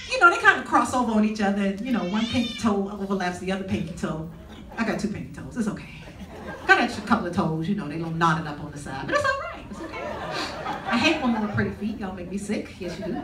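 A woman's voice: medium pitch, a bit bright. A woman doing stand-up comedy, sassy and conversational, teasing the audience, recorded live on stage in a large hall. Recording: echoey hall with crowd noise, mic at a distance.

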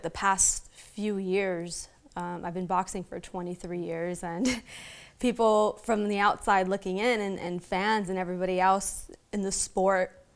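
Casting: young Southern Californian woman, interview guest, mid-pitch, earnest and halting delivery. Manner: halting, many restarts and fillers. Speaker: interview guest, retired boxer. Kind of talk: emotional sit-down interview.

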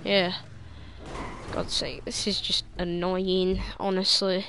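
A woman's voice: lowish voice, flat delivery, slow, gravelly, background noise. A young woman commenting on online races while chatting with friends, easily frustrated and repeating words under pressure. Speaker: gamer playing online races. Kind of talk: live gameplay commentary with voice chat.

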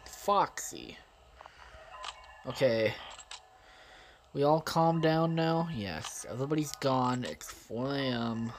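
A man giving profane, excitable let's play commentary and talking straight to his viewers. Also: medium pitch, slow pace, long pauses, slight background noise. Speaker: gaming channel host.

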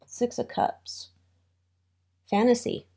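A woman's voice: slow, dark tone. A woman giving a casual tarot reading, chatty, with wry asides and thoughts that trail off. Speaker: tarot reader.

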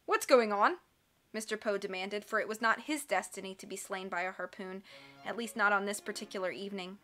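A woman reading a book aloud as scripted narration, expressive and measured. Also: medium pitch. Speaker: audiobook reader.

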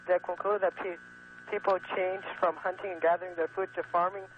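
A man calling into a radio show, reading a long passage in a rapid deadpan way. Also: high voice. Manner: fast, deadpan, reading aloud. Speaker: caller. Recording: tinny phone line with faint noise.

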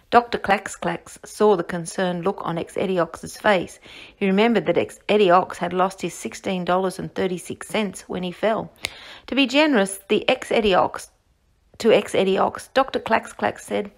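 A woman reading a children's story aloud for a reading lesson, clear and expressive, sounding words out carefully. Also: medium pitch, moderate pace. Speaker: reading teacher.

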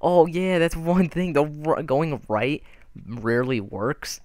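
A man's voice: a little high, lively intonation, slow pace, a little mellow, no echo. A young man giving let's play commentary on a story game, reacting frantically to the action. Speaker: gamer playing through a story game. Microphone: desk microphone. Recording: game music playing under the voice.

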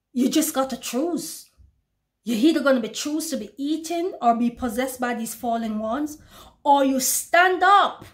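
A woman preacher giving a fervent testimony sermon, repeating phrases and calling out to her listeners. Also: sits high. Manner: fervent, repeats phrases, addresses brothers and sisters.

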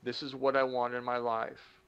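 A middle-aged man giving a motivational talk, animated, acting out little dialogues and slowing down to stress key points. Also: mid-range voice, smooth, dull audio. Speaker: motivational speaker.

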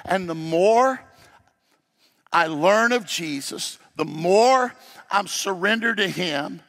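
A male pastor preaching a sermon, swinging from loud, emphatic declarations to hushed, low passages. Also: lively intonation, slow, vocal fry. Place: large church sanctuary. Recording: long hall reverb.

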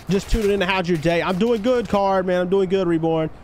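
A man live-streaming a game, chatting casually with his viewers and hyping up shout-outs to chat. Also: moderate pace, slight background noise. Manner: hyped shout-outs to chat, voice jumping high on greetings; laid-back, easygoing talk between shout-outs.

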